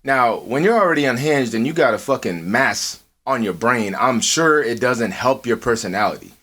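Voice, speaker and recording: A man co-hosting a podcast, telling a story in casual, profanity-heavy talk, acting out quotes in a high voice. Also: normal speed. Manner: swears a lot, animated, acts out quotes in a high voice. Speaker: podcast co-host. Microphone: earphones with mic.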